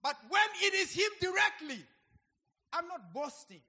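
A man in his fifties preaches a sermon with a very high, bright voice. He speaks slowly and emphatically, rising to loud exclamations and dropping to near hushes. His words ring out with the long reverb of a big hall. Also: very animated. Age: 50s. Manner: emphatic, with dramatic swings between loud and soft.

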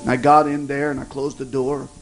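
Evangelist guy telling his story in a sermon, gravelly voice, stops and restarts a lot, music going behind him. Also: mid-range voice, level tone, poor audio. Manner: folksy, halting storyteller with many restarts.

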